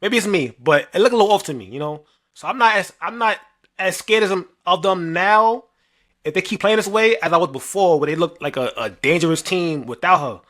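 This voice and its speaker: Young New man, podcast co-host, high and bright, animated trash-talker. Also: fairly quick. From New York. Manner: animated, rambling, heavy slang and filler, trash-talking. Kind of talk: casual sports chat.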